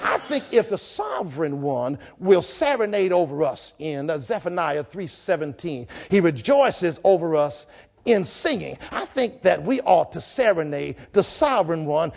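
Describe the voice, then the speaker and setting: A man preaching a sermon in a church, rhythmic and repetitive, rising from quiet reflection to shouted climaxes. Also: high-pitched, sing-song, unhurried, gravelly.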